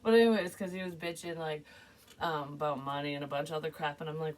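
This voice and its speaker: A woman with a somewhat low voice rambles loosely through a psychic reading, swearing freely and breaking into laughter. She sits a little back from the microphone, so her voice sounds slightly distant. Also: quick pace. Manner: rambling, profane, laughs often. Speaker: psychic medium doing card readings. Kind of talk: casual reading chat.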